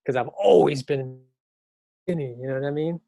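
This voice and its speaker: A middle-aged man from New York, a podcast guest in casual chat, telling animated, slangy stories. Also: moderate pace, creaky, no room sound. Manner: animated storyteller, slangy, mimics people in high voices.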